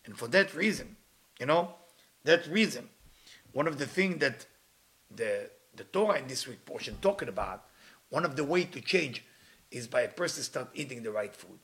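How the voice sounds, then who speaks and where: A man's voice: medium pitch, expressive, moderate pace, a bit bright. A man giving a storytelling sermon as a spiritual teacher, earnest and at times impassioned, speaking English with non-native grammar. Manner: earnest, rising to impassioned pleas.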